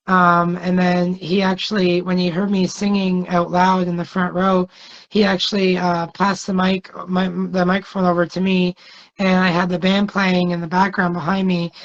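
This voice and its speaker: A man, a guest singer, telling long stories in a casual interview, rambling and hesitant with many fillers. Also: high-pitched. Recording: dull lo-fi sound.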